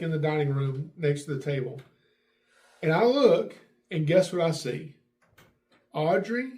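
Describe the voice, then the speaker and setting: A middle-aged man hosting a podcast, telling a family story in a lively way and acting out what people said. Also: a little high. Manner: animated, acts out quotes with raised voice. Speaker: podcast host. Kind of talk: casual storytelling.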